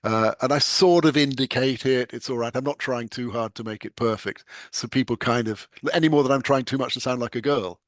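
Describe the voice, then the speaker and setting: A man's voice: mid-range voice, brisk, few pauses, no room sound, studio quality. An older man with a British accent, telling stories as a novelist being interviewed, laughing often. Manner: animated storyteller, laughs often. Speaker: guest novelist. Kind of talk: conversational anecdote.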